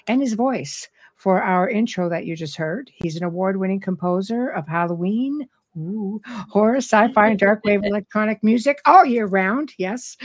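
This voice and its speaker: A middle-aged woman hosting a live talk show, speaking in a robust, animated way from years of public speaking. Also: mid-range voice. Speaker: host. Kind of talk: casual chat.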